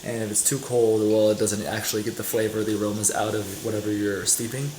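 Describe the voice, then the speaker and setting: A man's voice: lowish voice, little pitch movement, quick pace, a little mellow, a little hiss or hum. A young man casually narrating his day's food while making coffee at home, chatty and rambling, often correcting himself. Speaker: vlogger. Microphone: camera mic.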